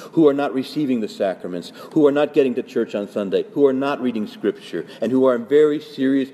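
A man who is a Catholic priest preaching an urgent, pleading talk that often climbs sharply in pitch and loudness. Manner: acts out quoted parishioners in their voices. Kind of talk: sermon-style teaching talk.

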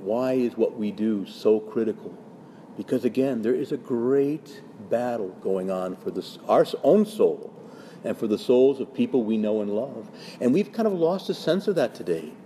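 A Catholic priest preaches in a sermon-style teaching talk, urgent and pleading, with a warm, mellow voice. When he presses a point, his pitch and volume jump suddenly, and he acts out quoted parishioners in their own voices. A faint hiss runs underneath the recording.

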